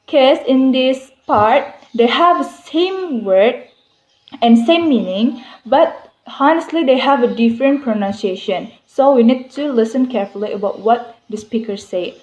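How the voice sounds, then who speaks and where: A woman's voice: on the high side, expressive, unhurried, darkish tone. A woman student presenting a listening exercise, speaking in a plain, instructive way with some slips. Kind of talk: classroom presentation. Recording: echoey room.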